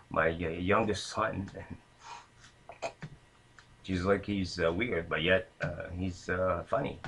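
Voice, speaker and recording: A man's voice: low-pitched, fairly bright tone, slightly rough, poor audio. A man casually telling a long anecdote, rambling with many fillers and restarts. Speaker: storyteller.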